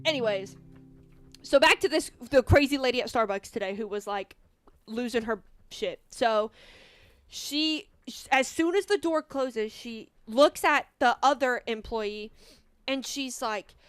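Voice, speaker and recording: High-voiced young woman ranting a storytime. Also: measured pace, clear, resonant tone, dry recording, faint music behind. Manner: rambling, swears a lot, lots of "like". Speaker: vlogger. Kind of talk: casual storytime while gaming.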